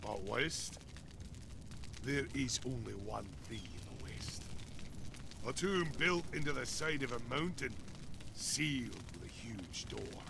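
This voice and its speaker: A gravelly, grave exile. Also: male voice, medium pitch, expressive, background noise. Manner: grave, measured storytelling. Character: weary stoic male exile guarding his people. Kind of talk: video game character dialogue.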